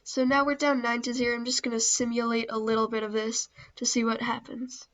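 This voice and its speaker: A woman's voice: on the high side, level tone, a little fast, fairly bright tone, dull audio. A woman giving casual, understated play-by-play commentary over her own video game session, with self-deprecating asides. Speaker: gaming channel host.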